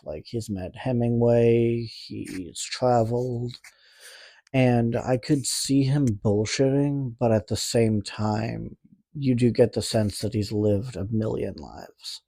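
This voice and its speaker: A man's voice: mid-range voice, takes it slowly, dark tone, dry recording. A man from Canada with a speech impediment, recapping a horror movie in a casual, rambling way, with sarcastic, profane asides. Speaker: movie reviewer.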